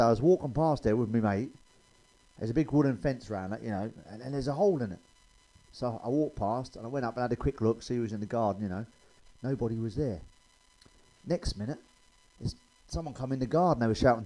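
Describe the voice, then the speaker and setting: Sweary comedian with a mellow voice. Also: male voice, mid-range voice, low-quality recording. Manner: blunt, sweary, chatty. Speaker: stand-up comedian. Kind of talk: stand-up joke telling.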